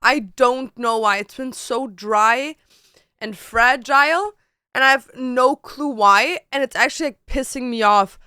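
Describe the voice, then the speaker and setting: A woman streamer chatting casually to her viewers at home, expressive and slangy, full of "like". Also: high-pitched, measured pace, clean tone, dry recording, clean studio sound. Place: home bedroom.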